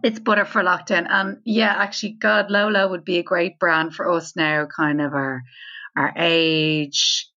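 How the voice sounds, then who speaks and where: A woman's voice: fairly low pitch, steady tone, measured pace, pushed and bright. A woman with an Irish accent, co-hosting a podcast and telling rambling anecdotes with casual swearing. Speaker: podcast co-host. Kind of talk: casual chat. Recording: slightly dull, lo-fi audio.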